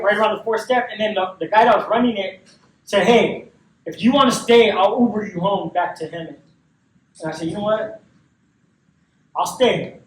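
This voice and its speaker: A man's voice: sits high, a bit bright, a little hiss or hum. A man giving a personal recovery testimony in casual storytelling, with slang and repeated phrases. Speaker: recovery speaker. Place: recovery service hall. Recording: echoey room from far off.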